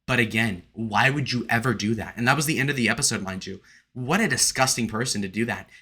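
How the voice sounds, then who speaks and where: A man's voice: mid-range voice, quick pace, sharp tone, breathy edge. A young man giving an indignant, rambling solo review, full of restarts and fillers. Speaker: video reviewer. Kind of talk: opinionated solo commentary.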